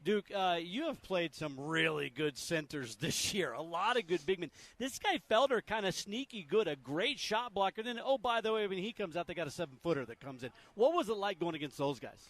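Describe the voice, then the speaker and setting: High-voiced, conversational postgame sports host. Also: male voice, animated, fairly quick, few pauses, fairly bright tone. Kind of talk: sports interview questions.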